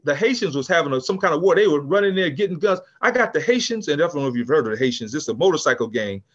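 An older man from California with a high-pitched voice tells a story in a relaxed interview. He is lively and restarts his sentences often, slipping into other people's voices as he goes. The sound is dull and lo-fi. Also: fast talker. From California, USA. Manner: animated storyteller, acts out quotes, frequent restarts. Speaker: podcast guest, business founder.

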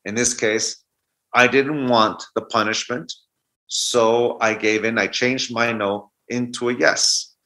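A man's voice: medium pitch, steady tone, takes it slowly, sharp tone. A man in his forties, a guest telling a reflective personal story and often restarting mid-thought. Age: 40s. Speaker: guest speaker.

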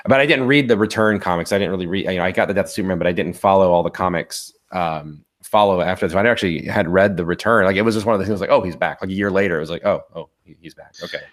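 A man in his forties co-hosting a podcast, talking casually in a rambling, halting way with many restarts. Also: low-pitched. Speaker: podcast co-host. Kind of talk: casual chat.

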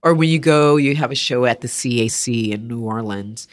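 Woman artist on a podcast, lively storyteller, does the voices of people she quotes. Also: a bass voice, normal speed. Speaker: artist guest. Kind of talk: interview conversation.

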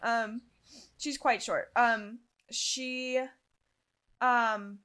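A young woman player in a tabletop role-play who describes her character slowly and hesitantly, with many ums. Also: on the high side, steady tone, fairly bright tone.

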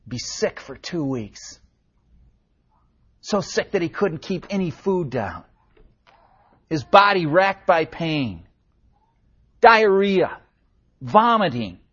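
A man preaching a sermon as pastor, earnest and impassioned, swinging from raised cries down to hushed, quiet lines. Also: fairly high pitch, breathy edge. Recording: dull lo-fi sermon recording.

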